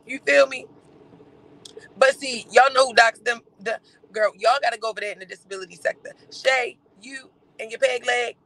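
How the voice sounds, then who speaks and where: A man chatting to a livestream audience in a sassy, campy manner. He teases and gossips, full of drawn-out exclamations and laughter. His voice sits high with a bright edge and a gravelly fry. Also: low-quality recording.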